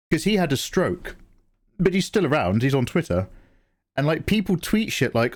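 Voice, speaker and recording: A man's voice: on the high side, big pitch swings, normal speed. A man chatting loosely on a drawing livestream, swearing, joking and greeting chat by name. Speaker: streamer and artist.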